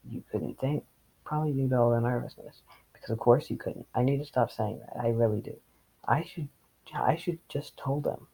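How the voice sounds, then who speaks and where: A man reading fan fiction aloud and breaking off for sarcastic, deadpan comments. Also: mid-range voice, vocal fry, husky, poor audio. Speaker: reader.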